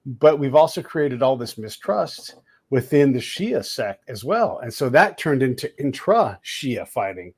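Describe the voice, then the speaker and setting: Male podcast host, mid-pitched, husky, casual and blunt storyteller. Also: a little slow. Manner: animated anecdotes with blunt language.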